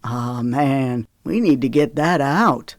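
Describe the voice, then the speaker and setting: A woman's voice: very deep voice, expressive, takes it slowly, dry recording, clean studio sound, pitched below the performer's own voice, full character voice. A woman voicing a teasing, protective young rancher man with an easygoing country drawl. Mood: concerned.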